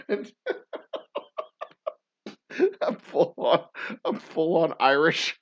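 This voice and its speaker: A man's voice: fairly high pitch, very animated, measured pace, long pauses, dry recording. Crude, rambling man on a lo-fi livestream. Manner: loud, crude, laughing, tipsy rants. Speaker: host of a drinking livestream show. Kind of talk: rambling profane livestream chat. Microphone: webcam livestream setup.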